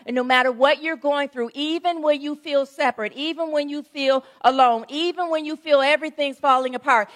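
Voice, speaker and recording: A woman pastor in middle age preaches a sermon in a relaxed, storytelling manner. Her voice sits high and light, and she keeps checking in with the congregation as she goes. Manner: conversational storytelling preaching, frequent "right?" asides.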